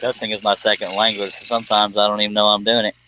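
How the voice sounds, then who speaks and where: A man's voice: on the low side, flat delivery, fast, sharp tone, a little hiss or hum, rough recording. A man hosting a casual live stream, chatting in a folksy, joking way while he cuts on a scroll saw in his workshop. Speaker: livestream host.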